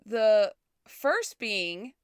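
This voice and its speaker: A woman in her thirties co-hosting a casual history podcast, telling the story in a relaxed way, laughing often and swearing casually. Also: mid-range voice, very slow, clean tone, dry recording, studio quality. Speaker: podcast co-host.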